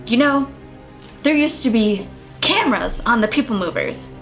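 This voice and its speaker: A woman voicing a creepy, disheveled man on a bus, speaking low, flat and slow. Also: faint music behind. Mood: ominous.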